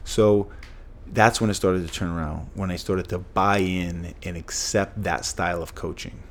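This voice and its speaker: Deep-voiced man telling an emphatic story. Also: fairly even intonation, moderate pace, slight background noise. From Massachusetts. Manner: emphatic, repeats phrases for punch. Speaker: podcast guest, former football player. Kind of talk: storytelling in a podcast conversation.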